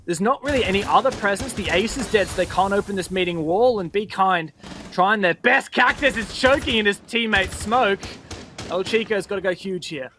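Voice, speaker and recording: A man giving fast play-by-play esports commentary, excitable and bantering with his co-caster. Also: high voice, noisy background.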